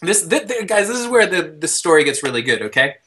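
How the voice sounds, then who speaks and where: A young man hosting a podcast, telling a long story in casual, rambling chat, full of fillers, restarts and casual swearing, shouting out the quoted lines. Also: high voice, fast. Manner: animated, loose storyteller with many fillers and restarts. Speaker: podcast host.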